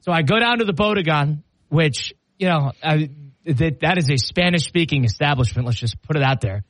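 A man's voice: fairly high pitch, expressive, fairly quick, a bit bright, no room sound. A man hosting a show, telling a self-mocking story in casual on-air banter and laughing often. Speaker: radio show host.

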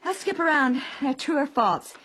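A fussy, chirpy radio wife. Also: female voice, high-pitched, big pitch swings, normal speed, a bit bright. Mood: coaxing. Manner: chirpy, patronizing, keeps calling him dear. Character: fussy, cheerful wife drilling her husband. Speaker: wife quizzing her husband. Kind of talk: 1940s radio acting.

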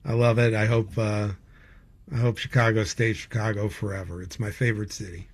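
A man's voice: lowish voice, flat delivery, fairly quick. A man guesting on a radio interview, rambling and enthusiastic with frequent chuckles. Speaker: comedian guest.

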